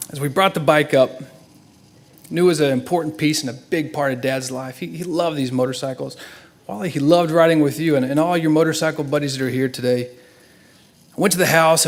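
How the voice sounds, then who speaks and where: A middle-aged man, a son, giving an emotional eulogy in a church and telling stories earnestly, his voice swinging between hushed and loud. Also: mid-range voice.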